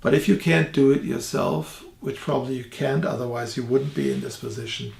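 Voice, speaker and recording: A middle-aged German man with a German accent, giving an earnest podcast teaching talk slowly and deliberately. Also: medium pitch, vocal fry, darkish tone, reverberant. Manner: earnest, slow and deliberate with many fillers. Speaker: theologian and evangelist.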